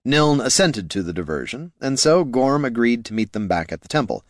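A man narrating a fantasy story aloud in expressive scripted narration. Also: medium pitch, moderate pace, no room sound, studio quality. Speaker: audiobook narrator.

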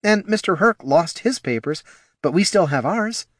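A man voicing a poor, proud female gnoll mother who speaks softly and pleads, in a storybook reading. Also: high-pitched, expressive, normal speed, no room sound, clean studio sound, pitched above the performer's own voice. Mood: sorrowful.

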